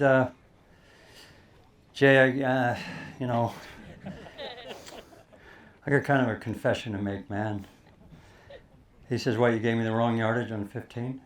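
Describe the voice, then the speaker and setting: An older man telling a lively golf story to an audience, acting out the quoted lines. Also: medium pitch. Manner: animated storyteller, acts out quotes. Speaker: speaker telling a caddie story.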